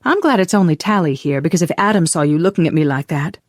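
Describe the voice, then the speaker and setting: A narrator voicing a spirited young woman, disguised as a boy, who talks in a quick, teasing and emphatic way. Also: medium pitch, animated, dry recording, studio quality, close to an everyday voice. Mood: playful.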